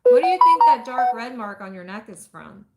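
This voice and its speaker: A woman's voice: on the high side, animated, moderate pace, over loud music, voice pushed up, lightly acted. Bo, a woman reading an older man's firm murmur. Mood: blunt. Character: older man, steady and protective. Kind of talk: audiobook romance reading.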